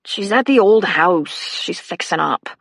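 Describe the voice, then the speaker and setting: A woman's voice: animated, measured pace, creaky, fairly bright tone, dry recording, full character voice. Whiny, sulky teen boy caught shoplifting, voiced by a woman narrator, dry close sound. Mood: sulky whining. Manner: whiny, higher pleading voice. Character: teenage boy, sulky and pleading.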